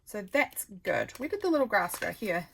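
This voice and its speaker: A woman's voice: medium pitch, very animated, normal speed, gravelly, a little hiss or hum, poor audio. A woman vlogger chatting casually as she works on a craft project, thinking aloud and poking fun at her own mistakes. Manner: thinks aloud while working, rambling and self-deprecating.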